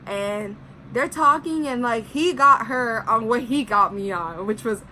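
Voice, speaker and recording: A woman's voice: fairly high pitch, measured pace, sharp tone, a little hiss or hum, low-quality recording. A young woman vlogger chatting through a personal story, full of "like" and acting out what people said. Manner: chatty, heavy use of "like", acts out quotes. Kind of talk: casual storytime.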